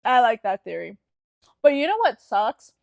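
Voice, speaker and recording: Chatty woman with a higher voice, dry sound. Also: big pitch swings, moderate pace, gravelly, a little mellow, no echo. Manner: chatty, hesitant, filler-heavy. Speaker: podcast co-host. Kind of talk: casual chat.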